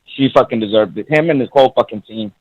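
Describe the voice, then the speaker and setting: A man's voice: mid-range voice, fast, dry recording, muffled recording. A man calling in to a podcast, rowdy and mocking, swearing constantly, with a Mexican Spanish accent. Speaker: caller. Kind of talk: crude joking call-in rant.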